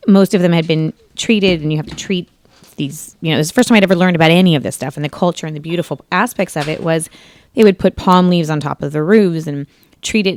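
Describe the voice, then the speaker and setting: Hosting a talk radio show, a woman in her thirties tells casual stories in a chatty, rambling way, frequently correcting herself. Her voice is lowish, captured with clean studio sound and no echo.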